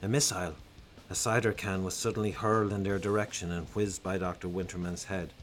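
Give me a man telling a comic tale, theatrical and slightly low-pitched. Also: flat delivery, fairly quick, soft background music. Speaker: narrator. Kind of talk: storytelling narration.

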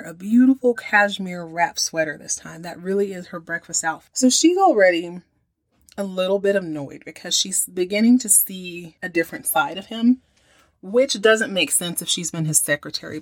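A woman hosting a podcast, recapping an episode in a chatty, slangy, amused way. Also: on the low side. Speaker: podcast host.

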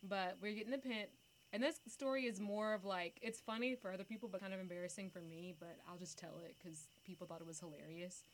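A young woman telling a story in a casual chat, animated and quick to shout when she acts it out. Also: medium pitch, a little hiss or hum. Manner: animated, breaks into loud screams when acting out the story.

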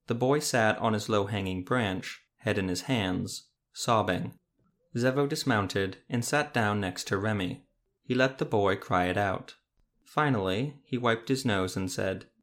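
A man narrating a fantasy story in a steady storytelling manner. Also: fairly low pitch, unhurried.

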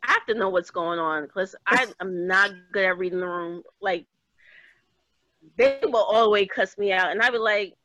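A woman's voice: mid-range voice, normal speed, no room sound, dull audio. A woman on a podcast panel chatting casually, acting out little exchanges as she talks. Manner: animated storyteller, acts out quoted exchanges. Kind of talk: casual chat.

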